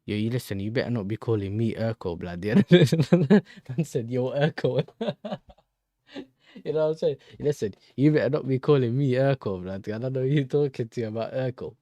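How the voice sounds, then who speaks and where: A man's voice: mid-range voice, fast talker, hardly any pauses, warm tone, dry recording. A man hosting a football fan livestream, bantering in slang and answering chat messages. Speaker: football fan channel host.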